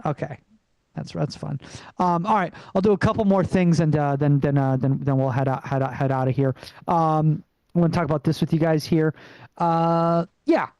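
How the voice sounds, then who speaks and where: A man doing a rambling stand-up set over a video call, pausing often with ums and uhs. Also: on the high side, darkish tone, dry recording, poor audio. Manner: rambling, halting delivery with many fillers. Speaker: stand-up comedian.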